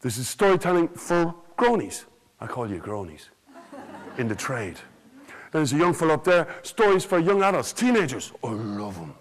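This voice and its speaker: With a somewhat high voice at a moderate pace, an Irish storyteller performs a joking, theatrical conference talk before a live crowd. He is animated and quizzes the audience; the recording is rough.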